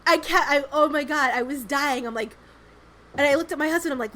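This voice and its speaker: A woman's voice: high-pitched, brisk, bright, forceful tone, a little hiss or hum, poor audio. A woman co-hosting a podcast, telling rambling stories in casual chat, with lots of "um" and "like" and free swearing. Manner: rambling storyteller, frequent "um" and "like", swears freely. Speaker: podcast co-host.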